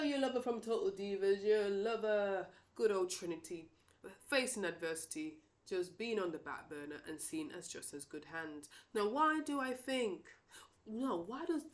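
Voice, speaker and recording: A woman's voice: fairly low pitch, a bit bright, roomy sound. A woman giving a casual, emphatic opinion monologue on wrestling, talking straight to her viewers. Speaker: wrestling commentator.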